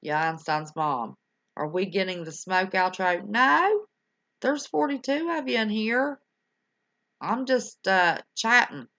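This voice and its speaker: Dull lo-fi home stream audio carries the medium-pitched, fairly bright voice of a folksy older woman hosting a stream. She talks a little slowly, chatting casually with live viewers and affectionately calling them honey and y'all.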